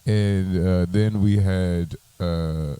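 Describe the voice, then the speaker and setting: A man chats casually as a podcast co-host. His voice is very dark and low, and he talks in a relaxed, playful, drawn-out way. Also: clear, resonant tone, dry recording, low-quality recording. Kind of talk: casual chat.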